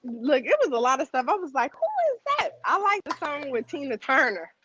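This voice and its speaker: A woman guest in a casual movie chat, expressive and quick to laugh. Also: high-pitched. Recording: dull lo-fi sound with faint noise.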